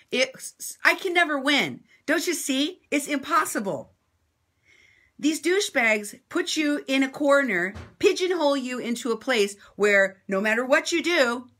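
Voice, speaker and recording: A woman journalist giving impassioned commentary in response to viewer comments, assertive and sarcastic, swinging between loud outbursts and low asides. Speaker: independent journalist and vlogger.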